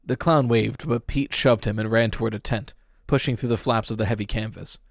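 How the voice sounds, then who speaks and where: A man narrating a horror audiobook with expressive, dramatic reading. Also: lowish voice, a little fast, creaky, dry recording, clean studio sound. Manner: expressive reading, raising voice for tense dialogue.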